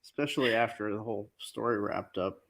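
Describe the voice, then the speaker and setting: A man's voice: fairly low pitch, a little fast, creaky, a bit bright. A man co-hosting a casual live stream, mostly answering in short, dry remarks. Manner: brief dry interjections.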